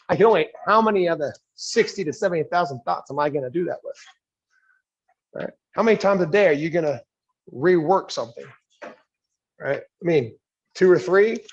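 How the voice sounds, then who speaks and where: A man leading a live coaching workshop in a yoga studio, with a voice that sits a little high for a man. He keeps it conversational, often checks in with "right?", and slips into quick character voices to act out everyday scenes. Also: highs cut off. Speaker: leadership coach.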